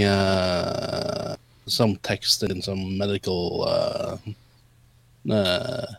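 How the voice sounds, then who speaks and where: A man playing a tabletop role-playing game, speaking in a halting way with many hesitations. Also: low-pitched, level tone, vocal fry, dry recording. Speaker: player. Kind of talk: casual tabletop game play.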